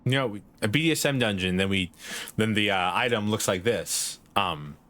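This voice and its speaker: A man's voice: lowish voice, moderate pace, bright, forceful tone. A man, casually rambling and laughing while streaming a game. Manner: giggly, rambling, self-deprecating.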